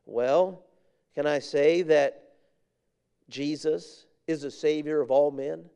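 A man's voice: on the high side, fairly even intonation, slow pace, vocal fry, long pauses, mellow, clear, resonant tone. A man preaching a sermon with fervor, repeating phrases for emphasis and reading scripture in King James wording. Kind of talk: sermon with a personal story.

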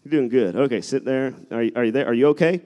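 A man preaching a sermon, telling stories and rising into loud exhortation. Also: mid-range voice, fast. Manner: animated, shifts between storytelling and loud exhortation. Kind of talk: sermon with live object lesson.

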